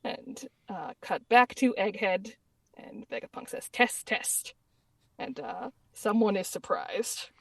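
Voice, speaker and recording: A woman guest on a podcast, recapping a manga chapter casually and haltingly, with many fillers. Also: mid-range voice, creaky, no room sound, far from the mic.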